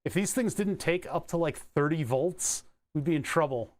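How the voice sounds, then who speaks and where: A man's voice: a little high, moderate pace. Rambling young man talking while he works. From Delaware County area, Pennsylvania. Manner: rambling, self-talking, playful wordplay. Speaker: electronics hobbyist vlogger. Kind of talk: casual talk while working.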